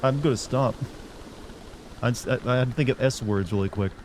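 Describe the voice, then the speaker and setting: A man's voice: mid-range voice, a little fast, background noise. A young man streaming a game live, chatting casually to his viewers in a rambling way full of fillers. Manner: rambling, talks to chat with many fillers. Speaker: livestreamer. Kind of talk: casual live gameplay chat.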